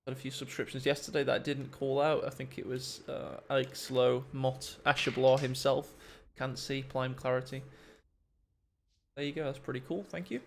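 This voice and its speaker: A man's voice: mid-range voice, flat delivery, normal speed, creaky, slight background noise. A man casting a live strategy game stream, joking, laughing and reading out subscriber names. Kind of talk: casual live game commentary. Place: home streaming setup.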